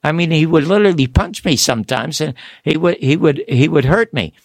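Older guy on radio, gravelly voice, dry close sound, animated storyteller. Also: on the high side, brisk, no room sound. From Toronto, Canada. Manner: lively, animated storyteller with restarts. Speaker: guest storyteller.

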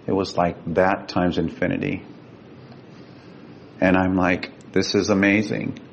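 An older man from California, a guest telling a personal story in an earnest, emotional way and slowing down for quoted speech. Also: creaky. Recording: dull lo-fi sound with faint rumble.

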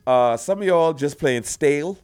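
A man with a Bahamian accent hosting a casual podcast, talking in animated, rambling bursts full of restarts and shout-outs. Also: a little high, moderate pace, clear, resonant tone, no room sound. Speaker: podcast host.

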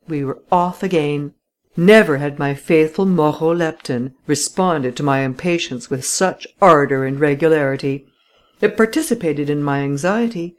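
Measured dramatic audiobook reader. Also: medium pitch. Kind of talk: scripted first-person audiobook narration.

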